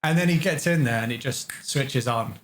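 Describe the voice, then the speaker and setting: A man from England who designs games, telling lively studio stories as an interview guest and acting out the voices of the people he quotes. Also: mid-range voice, normal speed, slight background noise. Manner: animated storyteller, acts out quotes. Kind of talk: casual interview chat. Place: living room.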